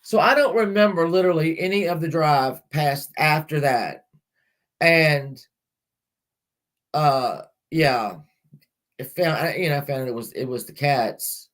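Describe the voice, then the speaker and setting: A woman's voice: low-pitched, measured pace, pauses often. A middle-aged woman hosts a casual livestream, talking straight to her viewers. She rambles from one story to the next, laughs a lot and lets a mild swear word slip now and then. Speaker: livestream host.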